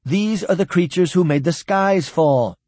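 A man's voice: high-pitched, measured pace, mellow, dry recording, pitched above the performer's own voice. A man voicing an insistent alien who keeps protesting that the old tales are true. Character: alien male Moti insisting on legends.

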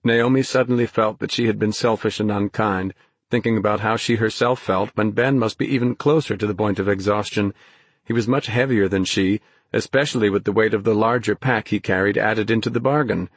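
Male audiobook narrator, husky, low, steady telling, dry booth sound. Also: brisk, no room sound. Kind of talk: scripted narration.

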